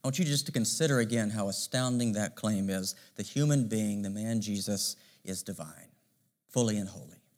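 A man's voice: fairly low pitch, a little mellow. Emphatic preaching man. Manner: measured, emphatic preaching with rhetorical questions. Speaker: pastor. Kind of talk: sermon.

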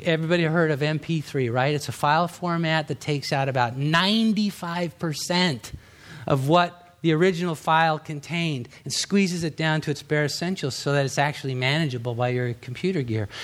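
High-voiced pastor preaching conversationally. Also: male voice. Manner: conversational preaching, acting out quotes with sudden rises and hushed drops. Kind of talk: sermon.

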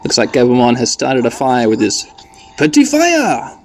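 A man hosting a sleep podcast, narrating a video game in a rambling, relaxed way from the side entrance of a half-built house. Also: mid-range voice, brisk. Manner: rambling, relaxed, self-correcting. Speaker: podcast host narrating gameplay.

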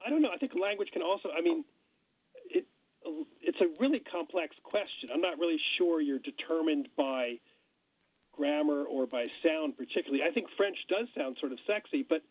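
A man's voice: fairly high pitch, sing-song, moderate pace, no room sound. A middle-aged man, a radio guest, musing in a chatty way with many restarts. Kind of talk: casual radio conversation. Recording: dull dry radio studio sound.

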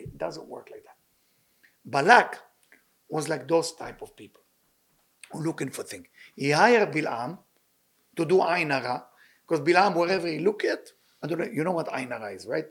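A man with a fairly high, gravelly voice teaches a weekly Torah lesson. He talks earnestly in broken English and tells stories with animation. His tone turns husky when he drops his voice. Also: expressive, moderate pace. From Libyan Sephardic family.

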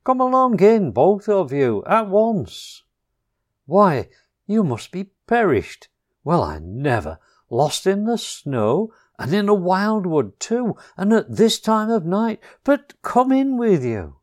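A man voicing a gruff, suspicious old male badger who turns fatherly toward his friends in a storybook reading. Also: high voice, huge pitch swings, slow, pitched above the performer's own voice, exaggerated voice. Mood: welcoming.

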